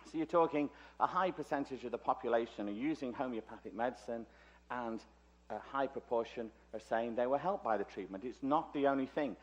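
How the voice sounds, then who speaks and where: A man's voice: medium pitch, brisk, highs cut off. A man from Liverpool with a British accent, lecturing at a conference with chatty, joking asides. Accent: British English. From Liverpool, England. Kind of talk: conference talk. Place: conference hall.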